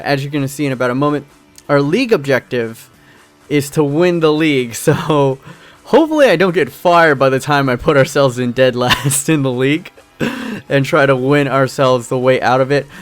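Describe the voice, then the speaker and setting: A young American man giving upbeat, jokey commentary on his football video game to his viewers. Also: medium pitch. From United States. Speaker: gaming YouTuber. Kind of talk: casual gameplay commentary.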